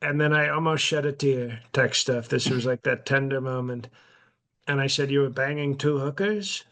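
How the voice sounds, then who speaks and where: Brash old president, rambling and smug, delivered deadpan, played by a male comedian. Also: medium pitch, moderate pace, lightly acted. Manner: rambling, boastful, deadpan, with self-interruptions. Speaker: podcast host in character. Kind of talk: improvised comedy podcast.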